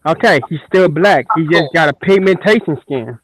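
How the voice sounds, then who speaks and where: A man co-hosting a podcast in casual chat, answering with short deadpan replies. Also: a little high, moderate pace, slightly rough, no echo, low-quality recording. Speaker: podcast co-host.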